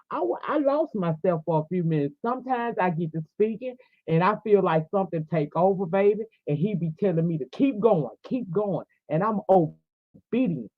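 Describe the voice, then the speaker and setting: A woman's voice: medium pitch, no room sound. A woman in her forties hosting a livestream, preaching fervently and speaking straight to her viewers. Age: 40s. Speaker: livestream host. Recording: tinny phone-like audio, dry.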